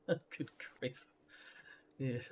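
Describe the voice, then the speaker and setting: A man's voice: very slow, darkish tone. A man hosting a live stream, chatting casually and using mock-proper phrasing. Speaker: streamer host.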